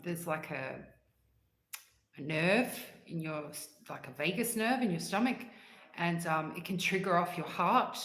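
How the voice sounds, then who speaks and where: A woman chats casually on a livestream, answering comments from viewers. Her voice sits fairly low and she talks slowly and unhurriedly, rambling and laughing often. The room around her sounds echoey. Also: a bit bright. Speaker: livestream host.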